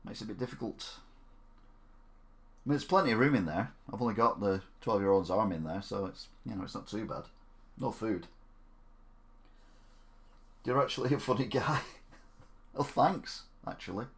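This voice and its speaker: A man's voice: fairly low pitch, lively intonation, moderate pace, pauses often. A man chatting casually on a gaming live stream. He jokes around, mocks himself and rambles. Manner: jokey, self-mocking, rambling.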